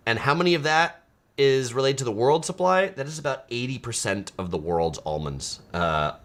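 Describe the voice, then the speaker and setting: A man's voice: medium pitch, lively intonation, moderate pace. Chatty man hosting a food livestream. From California. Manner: chatty and enthusiastic, frequent ums and uhs. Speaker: food video host. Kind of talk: casual livestream chat reading viewer comments.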